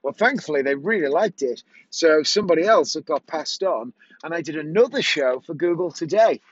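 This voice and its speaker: A man's voice: a little high, lively intonation, fairly quick, slightly rough, no room sound. Chatty middle-aged man, dry lo-fi sound. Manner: chatty, rambling, self-correcting. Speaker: magician. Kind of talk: casual vlog chat.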